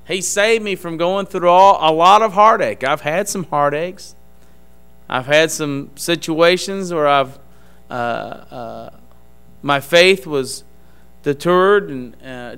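A man giving an earnest testimony in a church service, speaking in a halting, emphatic preaching style. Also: fairly high pitch, bright, forceful tone, smooth.

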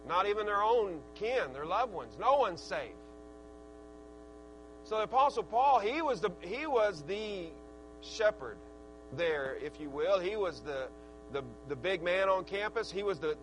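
High-voiced earnest man preaching. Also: sing-song, a little slow, a little hiss or hum, low-quality recording. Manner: folksy and earnest, with swings of loudness. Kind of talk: sermon.

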